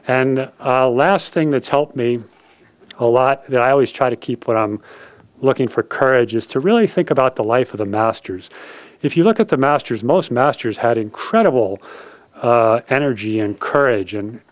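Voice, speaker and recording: A man's voice: mid-range voice, normal speed. Man telling a spiritual parable. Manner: earnest storyteller who chuckles at his own tale. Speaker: spiritual speaker.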